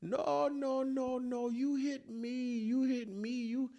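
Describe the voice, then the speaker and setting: A man voicing an excitable African man with an African accent, who keeps repeating himself. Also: slow, vocal fry, heavily acted. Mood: insistent. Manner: high-pitched, pleading, repeating himself. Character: excitable adult African man driver, insistent.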